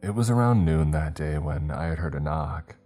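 A man reading a first-person horror story in a measured, low-key way. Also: expressive, mellow, faint music behind.

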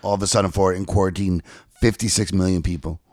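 A man co-hosting a podcast, speaking haltingly and repeating words as he thinks. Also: low-pitched, steady tone, darkish tone, no echo. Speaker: podcast co-host. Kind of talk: casual podcast chat.

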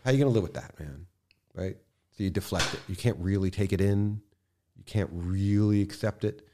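A man speaking as a podcast guest in casual conversation, impassioned, swearing freely and swinging from quiet to loud bursts. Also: sits low, normal speed.

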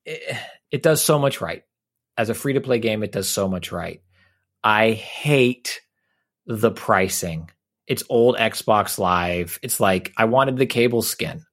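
Animated joking man, co-host. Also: slow pace. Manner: animated, joking, mock-pitching. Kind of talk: casual podcast banter.

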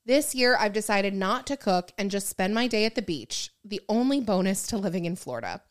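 A woman's voice: mid-range voice, expressive, fairly quick. A woman co-hosting a casual advice podcast, chatting and reading a listener letter aloud with asides. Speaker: podcast co-host.

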